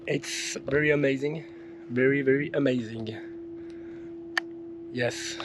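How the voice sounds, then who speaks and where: A man's voice: mid-range voice, steady tone, slow pace, noisy background. A man with a French accent filming a casual travel vlog outdoors, chatting in hesitant, broken English. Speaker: travel vlogger. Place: outdoors at a salt lake.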